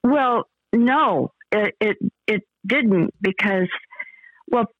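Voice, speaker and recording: An older actress being interviewed, talking in a rambling, effusive way with lots of fillers and restarts. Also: female voice, medium pitch, drawn-out words, dry recording, narrow, tinny audio. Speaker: actress guest. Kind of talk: casual interview chat.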